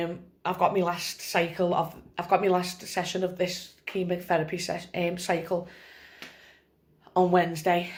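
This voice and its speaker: A young woman, talking to her phone camera in a personal vlog, rambling with many fillers and crying while she laughs. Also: lowish voice. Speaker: vlogger.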